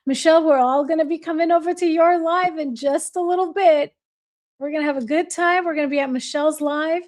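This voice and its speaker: A woman's voice: sits high, fairly even intonation, fairly quick, a little mellow. A woman hosting a casual livestream, chatty and bubbly, reading viewer comments aloud and greeting viewers by name, laughing easily. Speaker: livestream host.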